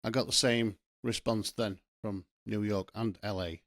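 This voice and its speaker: A man's voice: lowish voice, fairly even intonation, a little slow, no echo, studio quality. A middle-aged man with a Yorkshire accent, hosting a solo podcast with a blunt, sweary, passionate rant. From Yorkshire, England. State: sweating, hot. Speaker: podcast host.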